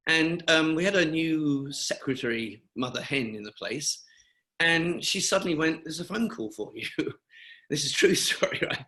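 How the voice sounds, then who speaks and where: An older Englishman who founded a cancer charity tells long, rambling anecdotes in a webinar interview over video call. His fairly high, bright voice has a forceful tone, and his chatty speech is full of fillers and restarts.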